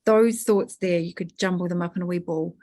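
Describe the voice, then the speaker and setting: Earthy, animated woman coaching a workshop. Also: lowish voice, brisk. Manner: earthy and animated, laughs and swears casually. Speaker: workshop leader.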